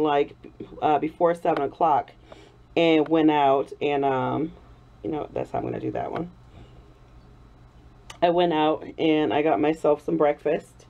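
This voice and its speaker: Chatty woman vlogger, lower voice, lo-fi. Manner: chatty, laughs often, warm gushing storytelling. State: recovering from illness. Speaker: soap-making vlogger. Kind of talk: casual storytelling vlog.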